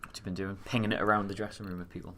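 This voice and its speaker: A man's voice: deep voice, flat delivery, rapid-fire, fairly bright tone. A young man in casual chat who leads a football discussion, asking questions in a dry way. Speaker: football fan pundit.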